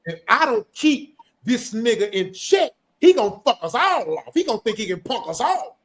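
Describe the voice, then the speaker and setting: High-voiced man lecturing emphatically. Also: very animated, normal speed. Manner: emphatic, profane fatherly lecturing. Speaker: podcast panelist. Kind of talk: casual podcast chat.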